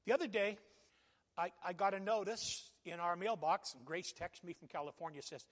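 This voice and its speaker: A man preaching a sermon as pastor, with loud swells on scripture and quieter conversational asides. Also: high voice, normal speed. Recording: long reverb of a church hall.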